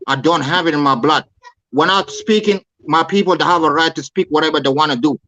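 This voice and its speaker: A man's voice: on the high side, brisk, pushed and bright, no room sound, lo-fi sound. A man calling in to a talk show, speaking in a heated, preachy, repetitive way. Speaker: caller. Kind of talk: impassioned call-in rant.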